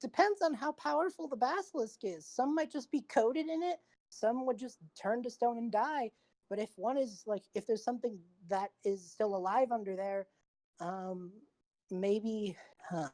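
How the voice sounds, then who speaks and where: A woman's voice: on the high side, moderate pace, mellow, close to an everyday voice. A woman doing a rambling, flustered conservationist. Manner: rambling, hesitant, absent-minded. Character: flustered male conservationist on a magic speaking stone.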